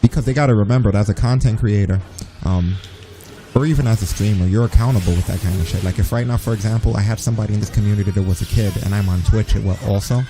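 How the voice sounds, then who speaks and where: A man's voice: lowish voice, fast talker, dark tone, faint music behind, poor audio. A man with a New York accent, a streamer talking bluntly and profanely in a casual gaming chat, often mocking people in put-on voices. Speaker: streamer and co-host.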